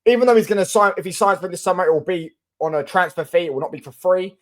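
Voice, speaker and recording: Rambling Mancunian young man, slightly high. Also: quick pace. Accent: Mancunian English. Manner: rambling, swears, restarts often. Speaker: football channel host. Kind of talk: casual solo reaction commentary.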